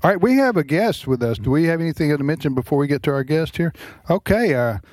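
A man's voice: a little high, sing-song, fast talker, a little mellow, no echo. A man hosting a radio talk show, rambling and chatty, poking fun at himself. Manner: rambling, chatty, self-deprecating. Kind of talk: casual radio chat. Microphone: studio microphone.

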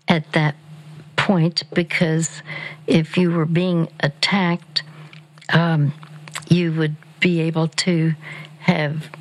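A woman counseling a caller on a call-in show, speaking gently and drifting into a near-whisper as she guides slow breathing. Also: low-pitched, rough recording. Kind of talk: calm faith-based counseling.

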